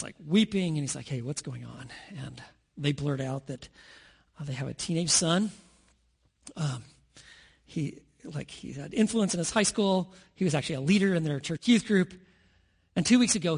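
Pastor, male, earnest sermon delivery with dramatic pauses; somewhat raised pitch. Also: creaky, husky. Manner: earnest preaching with dramatic pauses and rising emphasis.

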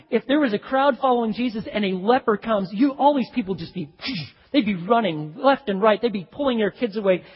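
Husky high-voiced preacher in a hall. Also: male voice, highs cut off. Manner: dramatic preaching, swings from hushed to loud. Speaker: pastor. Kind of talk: sermon.

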